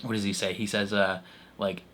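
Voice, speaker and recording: A young man hosting a reaction video, rambling in excited casual commentary with frequent laughs and fillers. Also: lowish voice, moderate pace, a little hiss or hum.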